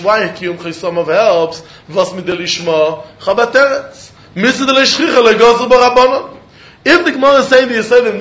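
A man teaching Talmud with a high voice and a rising, questioning sing-song as he argues both sides of each point. The sound is dull and muffled, carried through a roomy, echoing space. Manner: animated sing-song study chant, questioning and answering himself. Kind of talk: Talmud lecture in Yeshivish English. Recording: dull echoey room recording.

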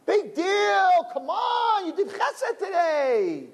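A man voicing the body's tempting inner voice as a flattering father figure who brushes off every worry. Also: very high-pitched, takes it slowly, gravelly, voice pushed up, exaggerated voice. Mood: coaxing. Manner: wheedling, reassuring, brushing off worries.

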